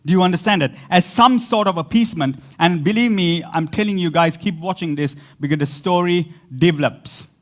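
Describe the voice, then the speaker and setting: A man preaching a sermon as pastor, animated, repeating words for emphasis and breaking into laughing asides. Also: sits high, a little fast, few pauses.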